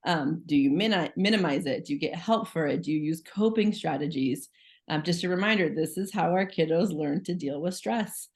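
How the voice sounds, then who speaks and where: A woman with a slightly low voice presents casually over a video call, sounding like a school social worker. She talks in a loose, chatty way, full of "like" fillers, and keeps putting questions to her listeners. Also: moderate pace. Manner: chatty, many "like" fillers, asks the audience questions. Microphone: video call microphone.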